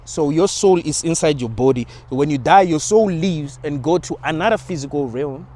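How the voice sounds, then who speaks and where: A young man with a fairly high voice talks loosely and informally, restarting his sentences and dropping in slang. He muses aloud in an unscripted monologue. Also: moderate pace, a little mellow. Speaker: channel host. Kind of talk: casual spiritual monologue.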